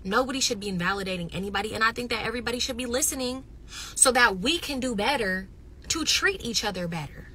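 A woman chatting casually with viewers on a phone livestream, animated and loud, swinging between excited bursts and near-whispers. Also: on the high side, quick pace, slight background noise. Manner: says she is loud. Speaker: reality TV personality going live.

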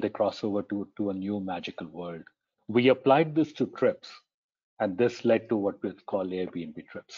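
A man with a lowish, mellow voice presents a conversational webinar talk. He poses rhetorical questions, answers them, and often checks in with "right?". The highs are cut off.

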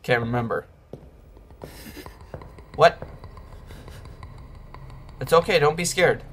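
A man's voice: fairly high pitch, slow, a bit bright, slight background noise. A man giving nervous let's-play commentary on a horror game, often murmuring reassurances to his viewers. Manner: jittery, whispers reassurances to viewers. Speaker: gaming YouTuber.

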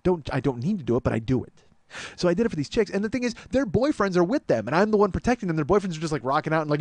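Man in his 40s, comedy podcast host, quick exasperated storyteller, slightly high voice. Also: no room sound. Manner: profane, exasperated, animated retelling. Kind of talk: storytelling monologue.

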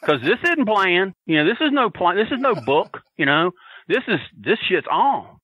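A man telling a story loudly and boisterously on a podcast, swearing freely as a regular contributor. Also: high voice, sing-song, normal speed, husky, dry recording, dull audio. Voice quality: loud and boisterous, profane. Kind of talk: loud storytelling, casual chat.

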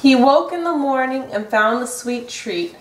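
A woman reads a picture book to children, gentle and sing-song, slow and fairly high. She sounds far from the mic in an echoey room. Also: animated, slight background noise. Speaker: storybook reader. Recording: roomy echo from a distant mic.

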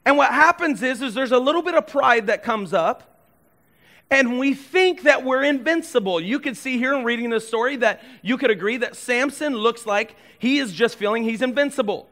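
A pastor delivering a sermon, retelling a story with lively, animated delivery and acting out the characters. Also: male voice, very high-pitched, moderate pace.

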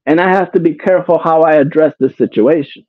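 Talking fast in a voice on the high side, a man gives offhand commentary to his live chat, swearing in exasperation and hammering viewers with repeated rhetorical questions. The sound is tinny and dry, with no echo.

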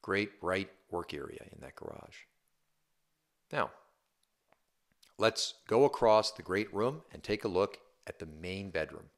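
Low-voiced man giving a home tour. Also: animated, a little slow, pauses often. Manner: upbeat, chatty, keeps asking the viewer "right?". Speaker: real estate agent. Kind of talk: casual home tour walkthrough.

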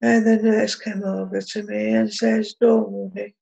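Woman, middle-aged, gravelly, raspy, unhurried first-person story. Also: mid-range voice, little pitch movement, warm tone, muffled recording. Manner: plain, unhurried recounting in dialect.

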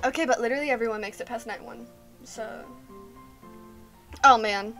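A woman's voice: fairly high pitch, moderate pace, over loud music. A young woman playing a horror game on her channel, nervous and scared, repeating herself with shaky laughs, saying she feels lightheaded. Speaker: gaming YouTuber. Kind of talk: let's play commentary.

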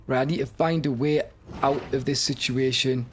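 A young man giving excitable gameplay commentary, often yelping and shouting in panic. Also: mid-range voice, moderate pace, soft background music. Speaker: gaming YouTuber.

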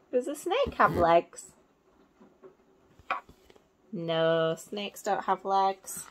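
A woman teacher reading a picture book aloud to young children, gently asking questions and explaining along the way. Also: medium pitch, expressive, drawn-out words, long pauses.

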